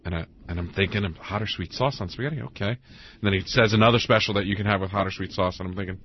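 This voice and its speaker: Halting low-voiced New radio host. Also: male voice, fairly even intonation, a little hiss or hum. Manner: halting, repeats words, laughs while telling stories. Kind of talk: casual radio talk, storytelling. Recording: dull lo-fi radio broadcast.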